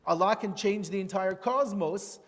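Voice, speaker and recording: High-voiced man teaching in a reverberant hall. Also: normal speed, a bit bright. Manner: patient, explains step by step, repeating key terms. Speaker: Islamic teacher. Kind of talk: religious lecture.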